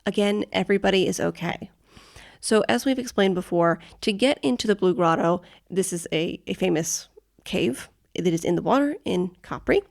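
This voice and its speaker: A woman's voice: medium pitch, expressive, normal speed, gravelly. A woman co-hosting a travel podcast who explains news stories step by step and checks that the listener is following. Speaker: podcast co-host. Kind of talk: casual chat, explaining news.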